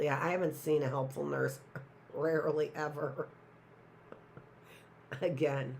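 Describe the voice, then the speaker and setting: A woman's voice: sits low, fairly even intonation, a little slow, creaky, long pauses. A woman teacher giving a live online class, thinking aloud with side quips and short laughs.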